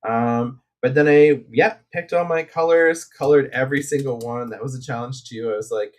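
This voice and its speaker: Casting male craft streamer, mid-pitched, rambling and chatty, casual live talk. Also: normal speed, hardly any pauses. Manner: rambling and chatty, with many fillers and asides.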